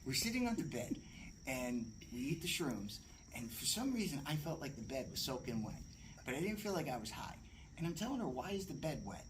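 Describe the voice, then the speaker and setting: Animated man telling a story. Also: a little high, a little fast, noisy background. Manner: animated, acts out the voices of others. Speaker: podcast guest. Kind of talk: casual anecdote telling.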